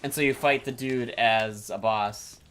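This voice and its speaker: A man's voice: mid-range voice, steady tone, a little slow, a bit bright, a little hiss or hum. A man co-hosting a casual gaming chat, telling a story in a rambling way with swearing and laughter. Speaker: co-host of a gameplay commentary show.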